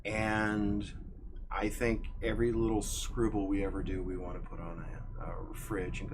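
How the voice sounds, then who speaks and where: A man's voice: on the low side, flat delivery, moderate pace, background noise. A man livestreaming while he draws, chatting in a rambling, self-deprecating way. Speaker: livestreaming digital artist. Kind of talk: casual chat while drawing.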